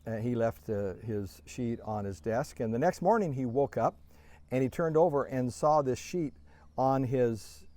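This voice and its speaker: A man's voice: mid-range voice, dark tone, dry recording. A middle-aged man, an author and speaker, telling an anecdote with many fillers and restarts, lifting his voice to act out the quoted lines. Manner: acts out quoted dialogue with lifted voice. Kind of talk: storytelling talk.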